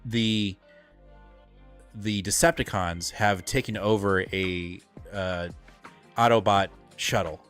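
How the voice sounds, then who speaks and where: A man co-hosting a live comic book show, talking in a rambling, excitable way with lots of filler words and casual swearing. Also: lowish voice, slow, pauses often, soft background music. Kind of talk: casual live-stream chat.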